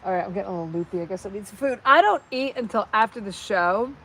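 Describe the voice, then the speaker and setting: A woman's voice: mid-range voice, expressive, fast talker. A woman on a casual livestream, rambling and playful as she talks to her viewers on her phone. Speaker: vlogger. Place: outdoors at a horse barn. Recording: loud background noise outdoors.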